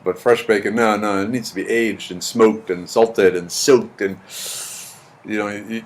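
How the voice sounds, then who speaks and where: A man's voice: on the low side, steady tone, unhurried. Rambling man greeting stream viewers. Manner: rambling, greets viewers by name, dry jokes. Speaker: live stream host reading chat. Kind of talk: casual chat. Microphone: computer's built-in mic, not his usual one.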